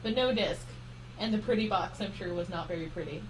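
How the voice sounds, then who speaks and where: A woman's voice: lowish voice, brisk, a little hiss or hum, poor audio. A woman co-hosting a casual podcast, chatting about gaming news and swearing casually. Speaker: podcast co-host. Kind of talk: casual chat.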